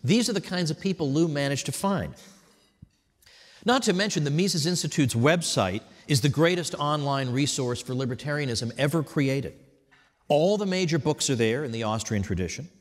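A man giving a prepared tribute speech at an event, telling stories in a wry, animated way. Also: fairly high pitch, normal speed, in a large hall. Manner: wry, animated storytelling with mock voices. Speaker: speaker at an institute event. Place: hotel event hall.

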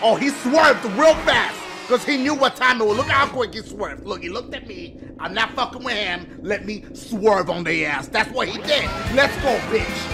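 A high-pitched man shouts and curses through his game commentary, his voice jumping all over the place. He drops to low mutters between the outbursts, and game music plays behind him. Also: vocal fry. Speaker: gaming YouTuber.

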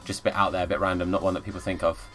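A young man commenting live on a football video game as a streamer, chatting with viewers and bursting into excited shouts at the play. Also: sits low, very fast. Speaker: gaming streamer. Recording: faint background music.

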